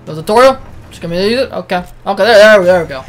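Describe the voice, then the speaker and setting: A man's voice: sits high, lively intonation, fast talker, faint music behind. A man playing a game with a friend, making laid-back jokes and swearing at the game. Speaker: co-player. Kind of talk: casual let's play commentary.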